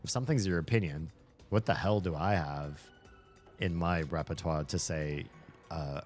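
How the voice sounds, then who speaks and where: A man's voice: extremely low pitch, normal speed, faint music behind. A male streamer hosting a casual chat while gaming, rambling thoughtfully and laughing often. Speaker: streamer and host.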